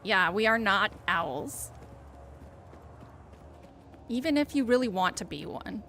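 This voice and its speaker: A woman's voice: mid-range voice, expressive, takes it slowly, pushed and bright, faint music behind. A woman streamer chatting casually while she plays, teasing her friend and swearing freely. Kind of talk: casual live-stream chat while gaming.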